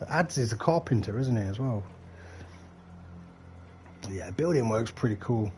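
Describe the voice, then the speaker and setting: With slight background noise behind him, a middle-aged man streams a game live and rambles to his chat, cursing freely as he goes. His mid-range voice is animated but a little slow, and slightly mellow.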